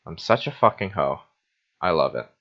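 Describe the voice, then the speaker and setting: A man's voice: deep voice, animated, moderate pace, fairly bright tone. A tipsy young man rambling and swearing as he hosts a casual Minecraft building session, mocking himself as he plays. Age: young adult. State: tipsy from wine. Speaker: host. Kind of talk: casual Minecraft let's-play chatter. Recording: dull lo-fi recording.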